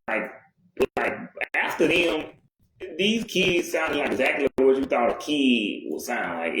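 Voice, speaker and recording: A man's voice: medium pitch, a bit bright. A man ranting bluntly and profanely in casual chat. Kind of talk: casual rant. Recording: echoey room with faint noise.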